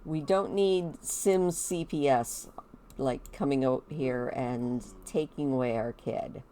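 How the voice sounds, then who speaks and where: A woman giving casual gameplay commentary, chatty and animated, talking to the characters on screen. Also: very deep voice, takes it slowly, slight background noise.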